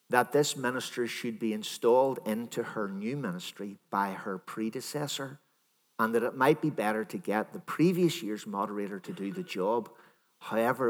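A minister giving a sermon in a conversational, storytelling manner, voicing imagined dialogue. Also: male voice, lowish voice, in a large hall.

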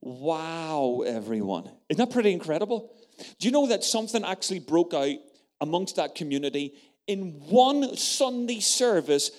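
A middle-aged man preaching a sermon, telling a story and often turning to address the congregation. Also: high-pitched. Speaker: pastor.

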